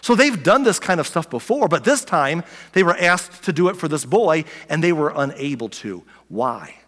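A man preaching a sermon as a pastor, talking conversationally and dropping from loud to near-whispered. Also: a little high, big pitch swings, moderate pace, long reverb tail.

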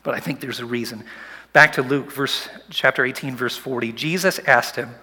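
A man preaching a sermon, swinging from soft whispers to loud, urgent calls. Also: medium pitch, moderate pace, husky, long reverb tail. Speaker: pastor.

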